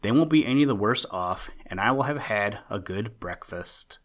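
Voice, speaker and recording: A man's voice: on the low side, lively intonation, normal speed, close to an everyday voice. A man voicing a boastful, greedy male skunk in a storybook, speaking offhandedly. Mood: careless. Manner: scoffing, offhand.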